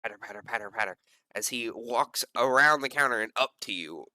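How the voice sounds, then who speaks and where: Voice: mid-range voice, fast talker, pushed and bright, a little hiss or hum. A game master narrating a tabletop role-play scene, rambling with lots of fillers and self-corrections.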